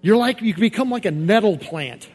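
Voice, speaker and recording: A man with a high voice preaches a sermon in an emphatic, repetitive cadence. He drops to quiet confession, then rises to shouted outbursts. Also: animated, moderate pace, husky.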